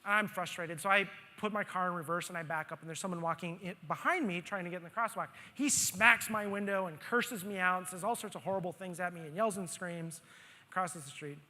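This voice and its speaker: A man speaking at a conference, telling a story from his own life in an animated way and acting out his own grumbling. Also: high voice, a little fast. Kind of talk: storytelling talk on stage. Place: conference hall stage. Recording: long hall reverb.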